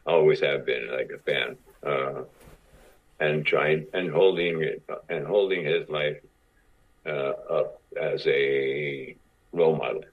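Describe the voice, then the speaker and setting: In a rumbling low, slightly rough voice with fairly even intonation, a man from Cuba in his sixties speaks slowly. He's an actor guest in a casual interview who tells long stories, frequently restarting and repeating words. The recording is dull, lo-fi podcast audio.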